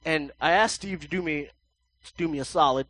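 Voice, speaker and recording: Guy giving a laid back sermon, kinda high voice, talks loose and chatty. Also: brisk, a bit bright, no echo, low-quality recording. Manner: chatty, loose, restarts and retells with quotes. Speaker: preacher. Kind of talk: casual sermon with scripture reading.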